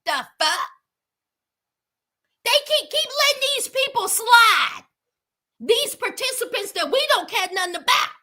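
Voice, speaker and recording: Sassy high-voiced woman commentator. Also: very animated, a little slow, long pauses, bright, forceful tone. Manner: sassy, outspoken, addresses viewers as honey. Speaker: reality TV commentator. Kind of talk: reaction commentary.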